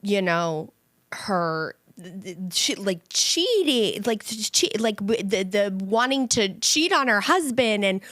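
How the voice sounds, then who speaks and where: Woman, comedian guest, chatty, expressive, dry close mic. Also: mid-range voice, slow pace, dry recording. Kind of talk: casual chat.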